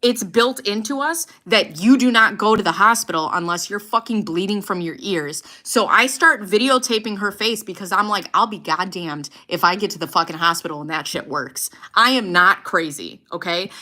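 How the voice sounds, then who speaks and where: A woman in her thirties, a podcast host, casually telling a personal story in a blunt, animated way and swearing freely. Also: mid-range voice, normal speed, hardly any pauses. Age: 30s. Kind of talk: casual storytelling to a live audience.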